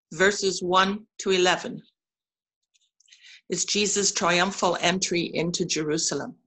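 A woman reading scripture aloud slowly and carefully, with small slips. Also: medium pitch, a bit bright. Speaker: scripture reader.

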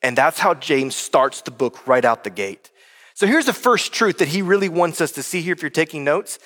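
A man with a high voice preaching a sermon to his congregation in a church sanctuary. He keeps it casual and talks straight to the room, and a long reverb trails each line. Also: animated, normal speed, fairly bright tone. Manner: conversational preaching, addressing the congregation as guys. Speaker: pastor.

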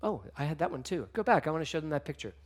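A man giving a sermon, telling stories with emotion, moving between hushed and loud passages. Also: a little high, animated, racing. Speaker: minister.

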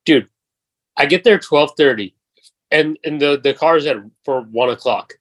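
A man in his twenties telling a profane, animated story as a podcast host in casual chat. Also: on the high side, measured pace, no echo, poor audio. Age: 20s.

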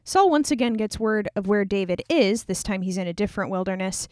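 A woman's voice: mid-range voice, animated, fairly quick, darkish tone, no room sound, clean studio sound. Wry, slangy woman storyteller. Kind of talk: casual retelling of scripture.

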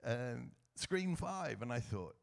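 A middle-aged man giving a personal church testimony as a guest speaker, earnest and emotional, with soft laughs as he tells his story. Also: mid-range voice, expressive, slow pace, vocal fry.

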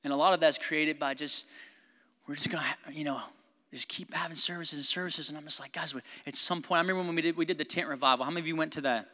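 A man preaching a sermon as pastor, passionate, swinging between loud exhortation and quiet, intimate talk, with frequent laughs and asides to the congregation. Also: fairly high pitch, fairly even intonation, fast. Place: church sanctuary. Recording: long reverb of a church hall.

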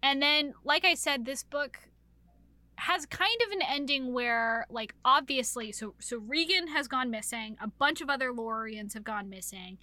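High bright-voiced woman host, chatty and animated, swears a lot. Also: unhurried, dry recording. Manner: animated, swearing, acts out characters' lines. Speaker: podcast co-host. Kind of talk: casual book recap chat.

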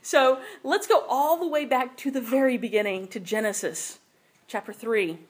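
A woman's voice: fairly high pitch, moderate pace, breathy edge. A woman teaching a sermon in a conversational way, often checking in with her listeners. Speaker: Bible teacher.

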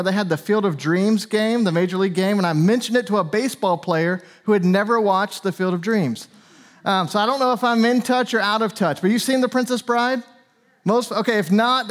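High-pitched guy in his 40s preaching, super casual and chatty, lots of ums. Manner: conversational and chatty, with frequent fillers. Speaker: pastor. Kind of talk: sermon.

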